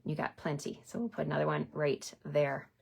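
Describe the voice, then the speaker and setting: Low, fairly quick, and gravelly with a breathy edge, her voice carries an upbeat craft tutorial. As a papercraft demonstrator, she talks cheerfully to her viewers while working with her hands.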